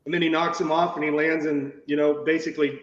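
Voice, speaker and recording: A man co-hosts a casual podcast chat, rambling through memories. His voice sits a little higher than most men's. He sounds roomy and dull, like a lo-fi feed from an echoing room. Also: little pitch movement, fast.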